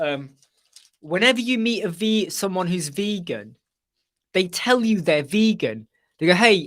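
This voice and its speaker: A man's voice: high-pitched, fairly bright tone. A man hosting a live web chat, rambling casually and mimicking other people's voices as he tells anecdotes.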